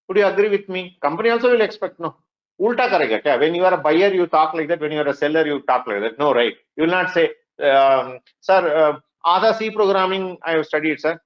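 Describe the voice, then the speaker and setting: A man with an Indian English accent giving a lively classroom lecture, often asking the students "right?" and whether they agree. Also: on the high side, highs cut off. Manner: lively, mixes in Hindi phrases. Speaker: workshop instructor.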